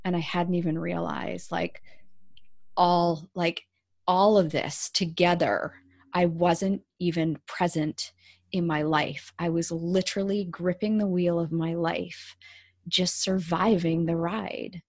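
Woman, middle-aged, coach as podcast guest, candid, emphatic, lowish pitch, dry room. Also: steady tone, slow, vocal fry, darkish tone, dry recording. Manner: candid, emphatic, acts out her own past words. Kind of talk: personal storytelling in an interview.

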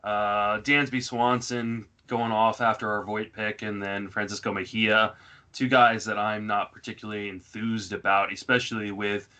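Man, casual draft commentary, rambling, fillers, lowish, bright tone. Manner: rambling, thinking aloud with many fillers. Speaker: fantasy baseball podcast host.

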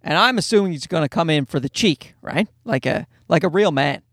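A man's voice: on the high side, expressive, brisk, fairly bright tone, dry recording, studio quality. A man, a father, casually telling a rambling, self-mocking anecdote in a jokey monologue.

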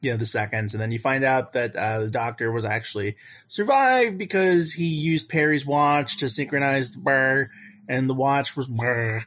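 A man's voice: medium pitch, moderate pace, a bit bright. Chatty man recapping an episode. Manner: rambling, amused storytelling with acted-out quotes. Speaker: podcast co-host. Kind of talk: casual chat recapping an episode.

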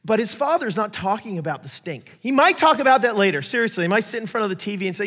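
A man preaching a sermon, telling stories in a lively way and acting out the voices of the people he quotes. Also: sits high, quick pace, hardly any pauses. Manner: animated storytelling, acts out quoted voices. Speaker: pastor. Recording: echoey hall reverb.

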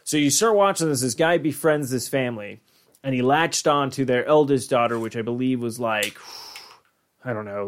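A young man co-hosting a podcast in casual chat, rambling with lots of fillers and swearing. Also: medium pitch. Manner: rambling, profane, full of "like" fillers. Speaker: podcast co-host.

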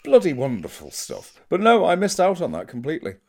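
Wry man with an animated voice. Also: fairly high pitch, brisk, creaky. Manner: wry, dry humour, mock-grumpy. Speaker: podcast co-host. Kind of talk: casual chat.

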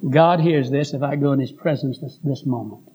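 A man's voice: mid-range voice, brisk, warm tone, a little hiss or hum, low-quality recording. A man who is a preacher, telling a story in an earnest, repetitive sermon style with folksy phrasing.

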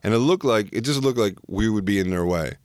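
A man hosts a podcast in a loose, joking chat, his voice sitting low. He laughs easily and keeps the banter going. The sound is close and dry, with no room echo. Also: expressive, fairly quick. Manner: playful, laughs often, jokey. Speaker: podcast host. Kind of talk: casual chat.

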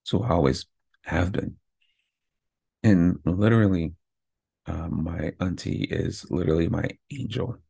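Male podcaster, a father, gravelly low voice with a husky edge, close dry mic, motivational and candid. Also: unhurried, pauses often, mellow, dry recording. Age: adult with kids. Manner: candid, pumped-up self-talk with frequent "right?". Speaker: podcast host.

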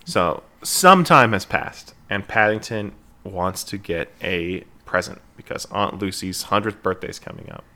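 Low raspy guy with a bright tone, hosting a laid-back movie podcast over a call. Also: measured pace, hardly any pauses. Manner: relaxed, with fillers and laughs. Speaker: podcast host. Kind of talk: casual podcast chat, recapping a movie.

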